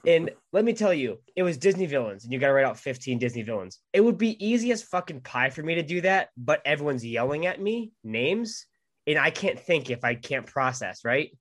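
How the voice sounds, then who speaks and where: A man co-hosting a podcast, telling a story in an animated way and swearing a lot. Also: fairly high pitch, fairly quick. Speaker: podcast co-host. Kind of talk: casual storytelling chat.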